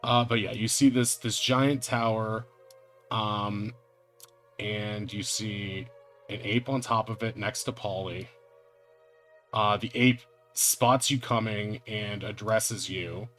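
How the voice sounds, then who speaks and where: Guy running a tabletop game, slow and chatty, bright voice, faint music behind. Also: lowish voice, fairly even intonation. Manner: laughing, loose and chatty. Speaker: game master.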